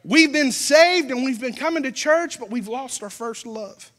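Man, Southern preacher, shouting to hushed, sharp tone, long hall echo. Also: extremely high pitch, lively intonation, measured pace. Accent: Southern American. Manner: impassioned, swings from loud shouting to hushed near-whisper. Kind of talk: sermon. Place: church. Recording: long church hall reverb.

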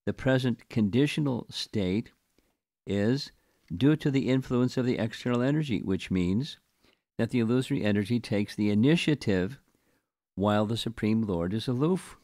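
An older man giving a scripture class, reading a long commentary slowly and deliberately and explaining it to his listeners. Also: mid-range voice, lively intonation, dark tone, no echo, studio quality. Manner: slow, deliberate reading with chanted verse recitation.

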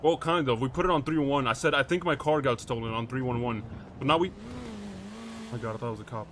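A man role-playing a mechanic in a game, excitable, slangy and swearing a lot. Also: mid-range voice, a little fast, slight background noise. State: out of breath. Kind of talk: in-character game role-play.

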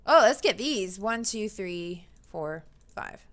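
A woman's voice: medium pitch, slow pace. A young woman hosting a casual gaming channel, commentating her play with frequent squeals and giggles. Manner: excitable, squeals and giggles often.

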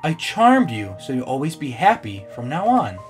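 A man reading a kind mother's game dialogue aloud in a soft, low, soothing voice. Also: wildly swooping pitch, moderate pace, soft background music.

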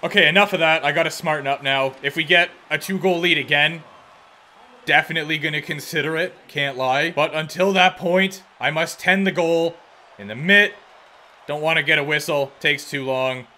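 A young man talks through a hockey video game in a loose, self-mocking way and breaks into excited outbursts. His voice is bright and forward. He sits a little higher than most men. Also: moderate pace. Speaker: gaming YouTuber. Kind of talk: casual gameplay commentary.

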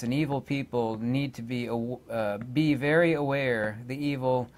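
Guy venting to his channel, lots of ums, middle-pitched, goes on and on. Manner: indignant, hesitant, many filler words. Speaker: channel host. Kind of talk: rambling casual monologue.

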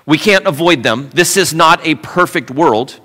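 A man preaching a sermon as pastor, animated and conversational with playful asides. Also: on the high side, a little slow, long reverb tail. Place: church sanctuary.

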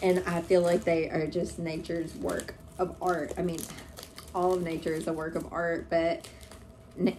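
A woman plant vlogger with a lowish, darkish voice and vocal fry unboxes plants in her living room, chatting casually to viewers. She gushes and exclaims as she goes, with noisy, crinkling packaging in the background.

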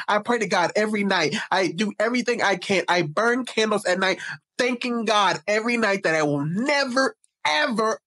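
Man doing a scared pleading young woman, soft, higher, hushed. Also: no room sound, studio quality. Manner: soft, pleading, mock-earnest.

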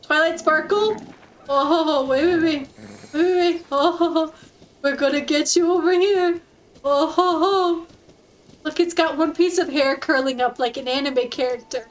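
A woman streaming a game, chatting casually and excitedly, giggling often and cooing softly at her in-game horse. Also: sits high, measured pace, rough recording. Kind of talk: casual gameplay commentary.

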